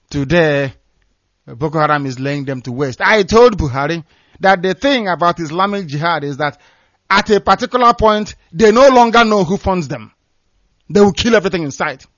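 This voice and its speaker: A man's voice: fairly high pitch, a bit bright, no echo, dull audio. A man from Nigeria, delivering scornful, emphatic political commentary as a radio broadcaster. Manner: fiery, scornful, emphatic, repeats phrases for stress.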